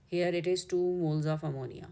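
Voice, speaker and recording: A woman's voice: fairly low pitch, fairly even intonation, brisk, mellow. A woman with an Indian English accent, a chemistry teacher working step by step through exam answers and correcting herself as she goes. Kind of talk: exam solution walkthrough.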